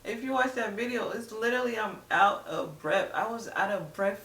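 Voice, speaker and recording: A woman's voice: medium pitch, moderate pace, a bit bright, recorded from a distance. A young adult woman chatting casually to camera as a vlogger, rambling with lots of "like". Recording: echoey room, voice a bit off-mic.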